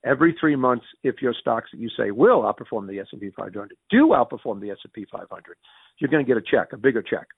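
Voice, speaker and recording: A middle-aged man from the Northeastern US, with a Yankee accent and a creaky, husky voice, tells animated business stories in an interview. He's a former mayor and finance executive who talks fast and excitably, restarting sentences and acting out quoted dialogue with big pitch jumps. The recording is tinny and phone-like, dry, with no room sound.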